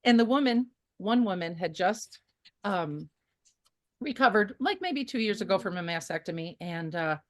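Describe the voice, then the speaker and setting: A woman photographer appears as a guest on an interview show, telling stories in a casual, animated way full of fillers and restarts. Her mid-range voice moves at a moderate pace on a dry, clean studio recording.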